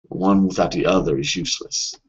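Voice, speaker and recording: A man coaching on a webinar in a casual, earnest way, often pausing with fillers and restarting his sentences. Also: deep voice, slightly rough, highs cut off.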